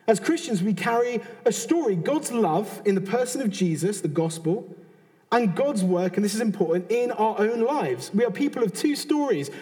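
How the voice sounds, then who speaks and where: A man's voice: high-pitched, mellow. A British man in his thirties preaching a sermon in an earnest, conversational way, often restarting and adding asides. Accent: British English. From Britain. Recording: long hall reverb.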